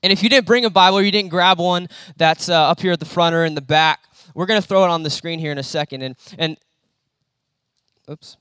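A young man preaching a conversational sermon in a church hall, animated and acting out the quotes he tells. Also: a little high, a little fast, smooth, studio quality.

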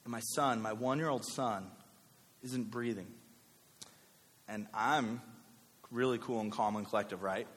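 A man, preaching a sermon with a personal story, talking conversationally with animated asides. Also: mid-range voice, measured pace, pauses often. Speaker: pastor. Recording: long hall reverb.

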